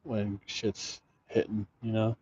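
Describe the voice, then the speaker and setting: Deep-voiced, profane male vlogger who tells rambling stories, recorded on dull, muffled audio. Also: level tone, slow, darkish tone, husky. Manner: rambling, profane, restarts sentences. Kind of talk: casual storytelling vlog. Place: outdoors in an urban jungle, sleeping rough.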